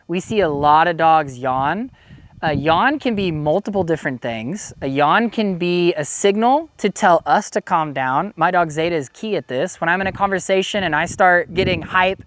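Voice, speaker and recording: A relaxed dog trainer talks through dog behavior in a plain, conversational teaching voice. The delivery is easygoing and explanatory, peppered with casual fillers. A faint hiss of noise sits under the voice. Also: mid-range voice. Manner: easygoing, explanatory, frequent "you know". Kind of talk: casual instructional talk.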